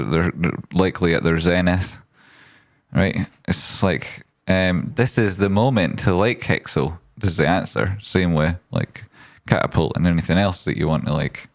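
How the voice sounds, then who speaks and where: A man's voice: deep voice, no room sound, clean studio sound. A man hosting a casual live stream, talking through charts in a rambling, profane, jokey way. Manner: rambling, profane and jokey, often slipping into silly voices; reads viewer chat aloud. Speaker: stock market livestream host.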